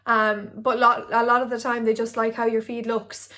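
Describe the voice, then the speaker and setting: A woman's voice: fairly high pitch, little pitch movement, normal speed, pushed and bright. A young woman, an Instagram blogger giving tips in a chatty, rambling vlog to a phone camera. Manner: chatty, rambling, filler-heavy. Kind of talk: casual talking-head vlog. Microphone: phone on ring light.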